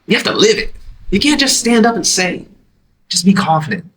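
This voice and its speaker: A man hosting his own podcast, reacting to a clip with emphatic, animated commentary from a quiet, empty room. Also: brisk, rough recording. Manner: animated, emphatic, jumps to high exclamations. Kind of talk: reaction commentary, casual monologue.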